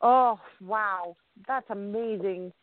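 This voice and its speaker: A woman's voice: mid-range voice, takes it slowly, no room sound. A woman joining a radio show as a guest, talking in a gushing, effusive way in a casual chat. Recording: tinny phone line.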